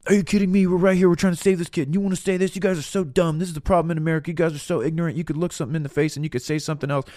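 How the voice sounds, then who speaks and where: A man's voice: on the high side, fairly even intonation, very fast, dark tone, dry recording, studio quality, voice pushed up, natural voice. A man acting out a furious, scolding version of himself lashing back at a hostile crowd. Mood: indignant. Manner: indignant, scolding. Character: the speaker's own imagined furious rant.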